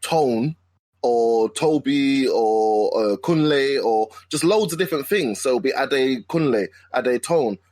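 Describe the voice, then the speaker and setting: Relaxed, slangy man, dry close sound. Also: mid-range voice, slow, no room sound. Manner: relaxed, slangy, says "mate" a lot. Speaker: podcast co-host. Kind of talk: casual chat.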